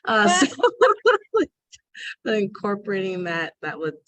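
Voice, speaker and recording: A woman's voice: mid-range voice, huge pitch swings, slow, fairly bright tone, dull audio. A woman taking part in a workshop over a video call, speaking earnestly and thoughtfully. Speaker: workshop participant. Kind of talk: casual discussion.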